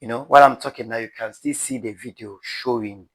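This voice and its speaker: A man's voice: medium pitch, fairly quick, a bit bright. Dramatic Nigerian man vlogging. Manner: dramatic, pleading, addresses viewers directly. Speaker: news vlogger. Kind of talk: animated commentary to camera.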